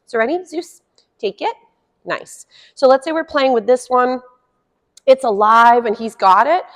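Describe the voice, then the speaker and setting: A woman dog trainer talks through a training session in a chatty, encouraging way, breaking off for bright praise cues to a puppy. Her voice sits fairly high and carries a slightly dry edge. The sound lingers with a long room reverb. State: slightly dry throat, cough drop in mouth. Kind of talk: hands-on training demonstration. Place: indoor room with heating running.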